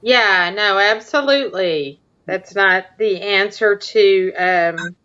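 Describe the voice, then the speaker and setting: A sympathetic woman on a casual video call, speaking very slowly with many pauses. Her middling voice comes through dull and lo-fi. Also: mid-range voice, pushed and bright, a little hiss or hum. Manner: slow, halting, sympathetic listener. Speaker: chat participant. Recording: dull lo-fi online call audio.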